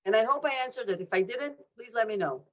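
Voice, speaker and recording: A woman teaches over a video call from home, leaning hard on her points and repeating them. Her voice sits fairly high, and she slips into the voices of the people she quotes. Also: animated, fast talker. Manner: warm, emphatic, acts out quotes, repeats for emphasis. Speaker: presenter and trainer. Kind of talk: Q&A training talk.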